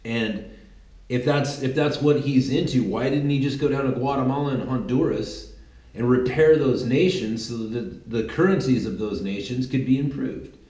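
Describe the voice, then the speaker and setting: A man's voice: mid-range voice, moderate pace, mellow, echoey room, low-quality recording. A man giving a rambling, emphatic political monologue, often restarting his sentences and adding asides. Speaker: political commentator.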